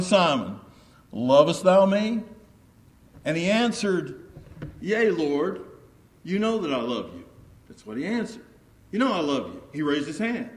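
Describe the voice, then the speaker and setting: Male preacher, higher-pitched voice, earnest sermon delivery with repeated phrases and questions to the congregation.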